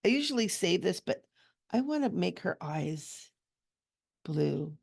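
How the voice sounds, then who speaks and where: A woman with a deep, very gravelly voice talks her way through a coloring session. Her manner is gentle and chatty, and she coos softly over the little details of the picture. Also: big pitch swings, unhurried. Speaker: coloring channel host and hypnotherapist. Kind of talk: relaxed chatty coloring tutorial.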